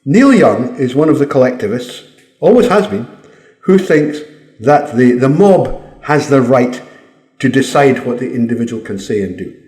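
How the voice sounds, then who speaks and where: A man's voice: mid-range voice, lively intonation, normal speed, darkish tone. A Scottish man giving a blunt, combative opinion monologue, swearing freely. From Scotland. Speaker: commentator. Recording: roomy echo.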